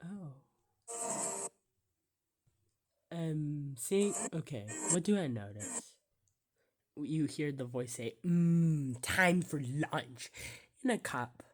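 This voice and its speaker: A woman with a lowish, lively voice comments on a movie she keeps pausing. She speaks slowly, reacting with groans of disgust and frequent whispered asides. The tone is casual and chatty. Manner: disgusted exclamations, often drops to a whisper. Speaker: YouTuber reacting to a film.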